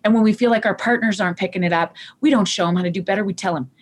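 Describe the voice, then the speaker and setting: A woman's voice: mid-range voice, very fast, a little hiss or hum. A woman guest on a parenting podcast, speaking passionately and emphatically, often repeating her key points. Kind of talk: conversational podcast talk.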